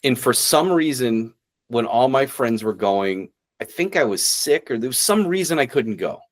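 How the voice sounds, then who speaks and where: A man co-hosting a podcast, telling a story in casual chat, relaxed, with many fillers. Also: mid-range voice, moderate pace. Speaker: podcast co-host.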